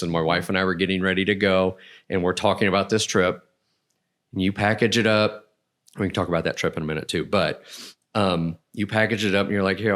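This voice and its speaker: A man's voice: sits low, a bit bright. A man hosting a podcast, telling a story in casual chat and laughing as he goes. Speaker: podcast host.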